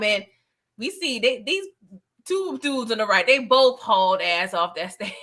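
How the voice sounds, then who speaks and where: Animated woman hosting a movie review. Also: medium pitch, normal speed. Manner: animated, emphatic storyteller who acts out the characters' lines; laughs often between lines. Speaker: channel host. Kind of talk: live movie review chat.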